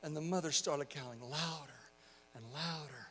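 A male pastor preaching a sermon, telling a story quietly and then rising into loud, impassioned exhortation. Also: on the high side, moderate pace, slight background noise. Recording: long hall reverb.

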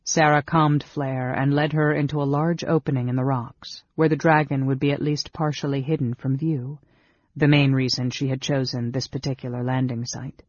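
A man narrating a fantasy audiobook in a measured, even storytelling manner. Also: medium pitch, no echo, highs cut off. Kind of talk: scripted narration.

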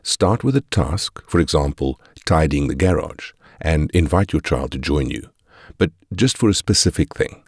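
A man narrating a parenting guide in a measured, instructive way, reading in short phrases. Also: a bass voice, a little mellow, no room sound, studio quality. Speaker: audiobook narrator.

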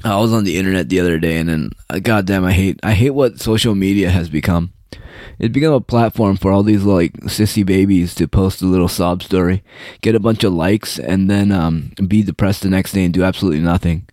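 A man's voice: low voice, brisk, a little mellow, dry recording, clean studio sound. A young man from the United States delivering a rambling, profane, mocking monologue in casual chat.

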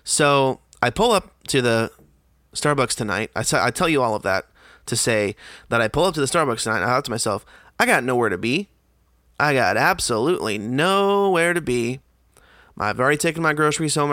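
Podcast host, young man, bright forceful tone, dry close sound, swears a lot, exasperated rambling delivery. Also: mid-range voice, dry recording. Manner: profane, exasperated storytelling. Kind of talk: casual podcast monologue.

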